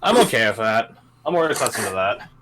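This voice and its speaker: A man's voice: on the low side, sing-song, fast talker, background noise. A young man in his twenties, the game master, joking and swearing offhandedly in casual chat before a tabletop game.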